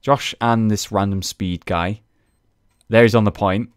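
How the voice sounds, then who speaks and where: Young man, gameplay commentary, low voice, dry close sound, chatty, casual swearing. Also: steady tone, unhurried, smooth, no room sound. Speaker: gaming video host.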